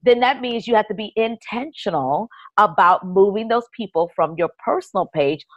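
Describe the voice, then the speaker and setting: A woman guest giving energetic, coaching advice in an interview. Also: mid-range voice, normal speed, highs cut off. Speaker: guest, live video strategist.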